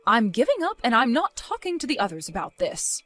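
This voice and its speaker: A woman voicing a calm but stern mother in her fifties who scolds her daughter in a reproachful tone. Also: on the high side, brisk, faint music behind, heavily acted. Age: 50s. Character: disappointed mother near retirement, stern.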